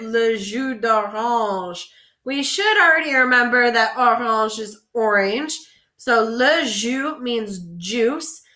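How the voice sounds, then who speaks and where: Bright-voiced woman teaching slowly. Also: fairly high pitch, roomy sound. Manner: slow, drawn-out modeling of words for repetition. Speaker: French teacher. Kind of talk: vocabulary lesson.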